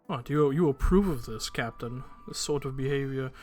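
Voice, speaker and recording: A man's voice: medium pitch, brisk, darkish tone, soft background music, close to an everyday voice. A man voicing an exasperated, disdainful female admiral who grumbles her complaints.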